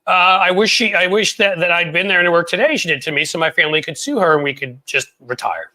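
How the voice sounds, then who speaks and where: A man in his forties hosts a casual political talk show. His voice is a little high and sharply bright. He talks bluntly, rambles, and swears without apology. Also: expressive, fast talker, hardly any pauses. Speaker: host.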